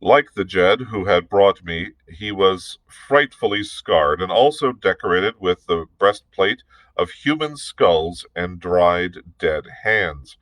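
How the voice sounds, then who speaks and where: A male librarian reads a novel aloud at a measured, deliberate pace, now and then tripping on a word and starting it again. His voice sits low, and the recording is close and dry, with no echo around him. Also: expressive, a bit bright. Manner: measured, deliberate reading with small slips and restarts.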